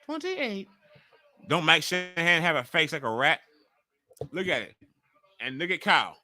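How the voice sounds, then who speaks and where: A man in his forties hosting a wrestling watch-along live stream, reacting excitably and ranting with heavy swearing. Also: a little high, moderate pace, no echo. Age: 40s.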